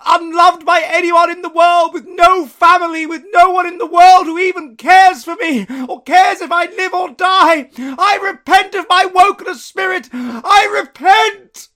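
A man voicing a desperate, repentant old male miser in a loud, strained, pleading dramatic reading. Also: very high voice, a little slow, pitched above the performer's own voice.

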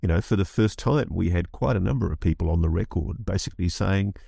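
A man's voice: sits low, brisk, gravelly, mellow, breathy edge, no room sound, clean studio sound. A man speaking as a guest in an interview, impassioned and emphatic, often restarting phrases as he builds his point. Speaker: guest commentator. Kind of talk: animated interview talk.

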